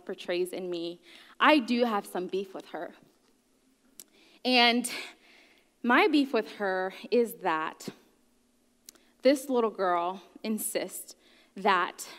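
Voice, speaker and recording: A woman's voice: medium pitch, fairly bright tone. 30s woman from gabon telling her story on stage, lots of ums, hall reverb. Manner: candid, joking, many ums. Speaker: guest speaker. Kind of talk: personal story talk.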